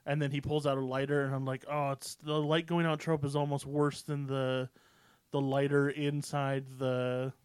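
A man's voice: medium pitch, normal speed, smooth, dry recording. A man co-hosting a podcast, recapping a movie in casual chat, swearing freely and acting out the characters' lines. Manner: profane, animated, acts out characters in quotes. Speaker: podcast co-host.

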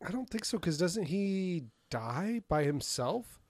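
Male podcast co-host, slightly high voice, relaxed questioning tone, dry close mic. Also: slow, no echo. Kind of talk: casual chat.

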